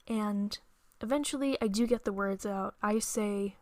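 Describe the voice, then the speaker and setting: A young woman hosting a podcast, telling a frightening dream in an earnest, halting way with many restarts. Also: mid-range voice, darkish tone, no room sound. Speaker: podcast host. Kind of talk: storytelling monologue.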